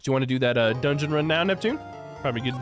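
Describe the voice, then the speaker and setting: A man's voice: medium pitch, very fast, over music. A young adult male streamer chatting casually with his viewers, with a nasal, congested voice from a cough. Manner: relaxed, rambling, thankful. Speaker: live streamer. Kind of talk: casual chat with chat.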